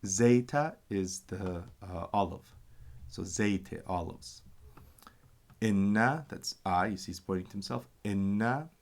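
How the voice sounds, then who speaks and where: A man patiently teaching a reading lesson, sounding out syllables and pausing to explain and correct himself. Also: sits low. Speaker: language teacher.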